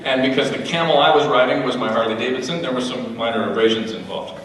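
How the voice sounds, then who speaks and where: A man's voice: medium pitch, quick pace. Wry man doing stand-up in an echoey hall. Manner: wry, deadpan asides. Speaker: comedian at a church. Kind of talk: stand-up comedy set. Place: church hall, live. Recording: echoey church hall, mic far off.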